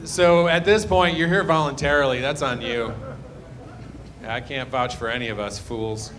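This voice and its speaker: A man's voice: mid-range voice, moderate pace, a bit bright, a little hiss or hum. A man doing loose, rambling stand-up crowd work in a comedy club, trailing off into muttered asides.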